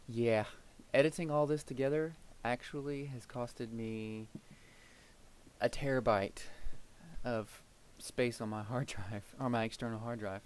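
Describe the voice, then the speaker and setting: A man's voice: medium pitch, clear, resonant tone, poor audio. Young male let's-play host, mid-range voice, meandering casual chat, mutters to himself while building. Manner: rambling, thinks aloud while building, trails off into soft murmurs. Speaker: gameplay commentator.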